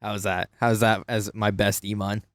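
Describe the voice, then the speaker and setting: A man's voice: on the low side, level tone, normal speed, dry recording, studio quality. A man streaming a video game, chatting casually with viewers. He giggles often and pokes fun at himself. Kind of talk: casual gameplay commentary.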